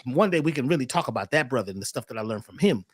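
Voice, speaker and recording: A man as a podcast guest talking casually in an animated, preachy way, often repeating words as he starts a thought. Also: medium pitch, very fast, breathy edge, no room sound, clean studio sound.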